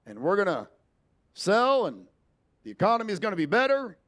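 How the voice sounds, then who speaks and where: A man doing an impression of a polished statesman, speaking slowly with deliberate pauses. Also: sits high, huge pitch swings, a bit bright, full character voice. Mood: measured. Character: smooth, measured male statesman.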